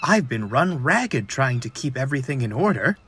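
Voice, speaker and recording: A man's voice: medium pitch, very animated, moderate pace, fairly bright tone, a little hiss or hum. Man doing a weary old engine. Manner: weary, stoic. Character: weary dependable older male engine.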